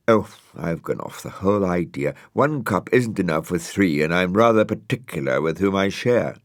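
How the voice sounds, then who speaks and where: A man's voice: sits low, expressive, normal speed, no echo, clean studio sound. A man voicing a vain, fussy male dog with a pompous, huffy manner in a storybook reading. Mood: haughty.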